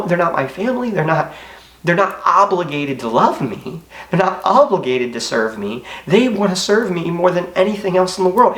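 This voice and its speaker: A man's voice: a little high, a bit bright. Earnest young man in an echoey room. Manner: earnest, emotional, confessional, with hesitations. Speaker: motivational speaker. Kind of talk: personal story told to camera.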